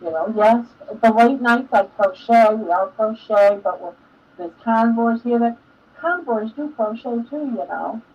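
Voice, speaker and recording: A woman's voice: fairly high pitch, moderate pace, a little mellow, breathy edge. An older woman hosting a live stream, chatting casually and emotionally and laughing often. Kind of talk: casual chat. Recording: dull lo-fi sound, distant from mic.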